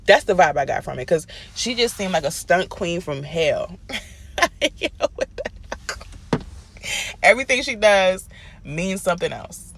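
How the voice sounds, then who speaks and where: A man's voice: sits high, expressive, a little slow, vocal fry, long pauses, a bit bright, a little hiss or hum. A man giving a casual, sassy recap rant of a TV episode, telling it in an exasperated, chatty way. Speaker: TV recap commentator.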